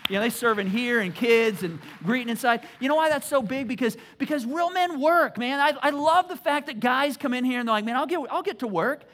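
A man's voice: very high-pitched, a little fast, few pauses, a bit bright. Brief: emphatic male preacher in a church, stammers and repeats for punch. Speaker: pastor. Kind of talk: sermon.

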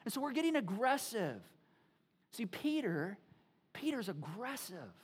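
A woman preacher with a fairly high voice, talking through a sermon in an animated, conversational style. She tells stories casually and loosely, stopping and restarting as she goes. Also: unhurried, husky.

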